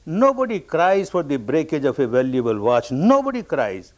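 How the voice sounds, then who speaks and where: A meditation teacher giving a discourse, telling a story with emphatic repetition, rising on stressed phrases and sinking to quiet endings. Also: male voice, big pitch swings, normal speed. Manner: swings between raised, stressed phrases and low, quiet endings.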